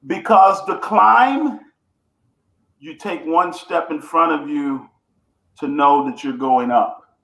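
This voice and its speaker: A man with a somewhat high, gravelly voice tells his story earnestly and repeats phrases to build each point. His voice bounces around an echoey room. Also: slow, pauses often, a bit bright. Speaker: guest, coach and author. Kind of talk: reflective storytelling.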